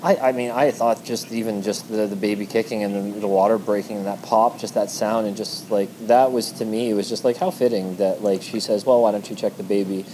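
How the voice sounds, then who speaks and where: A man's voice: on the low side, steady tone, brisk, few pauses, dark tone, low-quality recording. A man in casual conversation, speaking earnestly and reflectively, often restarting his sentences. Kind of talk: casual chat. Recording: noticeable background noise.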